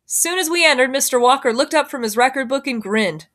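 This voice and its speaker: A woman reading a children's novel aloud in a gentle, even storytelling manner. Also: high voice, fairly quick, few pauses. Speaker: reader.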